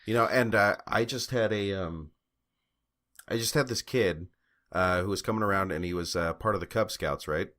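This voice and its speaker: A young man with a low-sitting, fairly bright voice tells a long story at a moderate pace while co-hosting a podcast. His casual chat rambles, packed with fillers and swearing.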